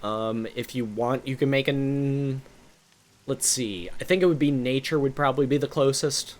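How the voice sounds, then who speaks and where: This is a man in the game master's seat of a tabletop session, talking loosely and casually. He fills his narration with filler words and throws in the odd curse. His pitch sits in an ordinary middle range. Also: normal speed. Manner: loose and chatty, heavy on filler words and swearing.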